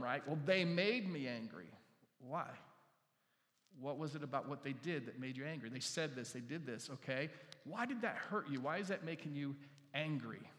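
A man's voice: fairly high pitch, a bit bright. A man preaching a conversational sermon, often asking his listeners questions as he explains. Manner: conversational, asks the audience many questions. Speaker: pastor. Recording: long hall reverb.

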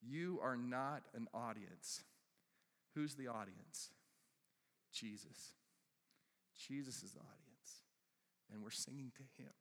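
Male pastor, heartfelt sermon delivery with a bright voice in a church sanctuary with a long echo. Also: on the high side. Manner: emotional, earnest preaching with quick asides. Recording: hall reverb.

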